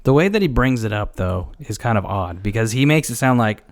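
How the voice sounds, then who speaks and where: A man's voice: on the low side, lively intonation. A man co-hosting a podcast, chatting casually about a film and acting out quotes as he goes. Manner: retells scenes with quick acted quotes. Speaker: podcast co-host.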